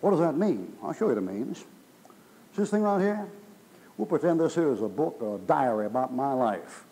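A man's voice: mid-range voice, sing-song, fairly quick, dark tone, slight background noise, rough recording. A middle-aged man preaching a sermon in a folksy, emphatic way, his voice rising in bursts. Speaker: pastor.

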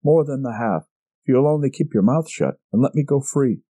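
A man's voice: mid-range voice, lively intonation, normal speed, mellow, dry recording, pitched above the performer's own voice, natural voice. A man reading a story, voicing a frightened, scheming murderer who pleads in a feverish, breathless manner. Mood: bitter. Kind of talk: audiobook character reading.

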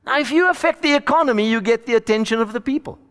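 A pastor preaches a sermon as a storyteller, acting out the voices of the disciples and Jesus, with a long hall reverb around him. His very high, fairly bright voice is smooth, and he talks fast.

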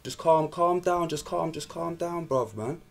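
An actor with a London accent playing a reluctant young friend who pleads for calm. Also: male voice, on the high side, unhurried, creaky, a crowd in the background. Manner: pleading, calming.

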